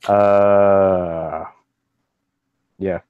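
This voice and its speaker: Man, lowish voice, rambling and cursing, casual podcast chat, dry muffled audio. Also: level tone, extremely slow, clear, resonant tone, dry recording. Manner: rambling, swears often, laughs a lot. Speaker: podcast co-host.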